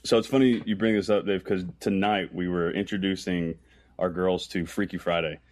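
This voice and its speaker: Podcast guest, very low male voice, dry close sound, rambly and chatty. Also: normal speed, no echo. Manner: rambling, heavy use of "like", animated when telling stories. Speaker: podcast guest, camera operator. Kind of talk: casual interview chat.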